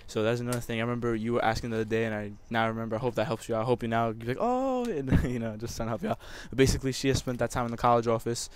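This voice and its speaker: A man's voice: medium pitch, level tone, racing, few pauses, smooth. A young man telling a personal story over gameplay commentary, emotional and rambling, with many restarts. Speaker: gamer.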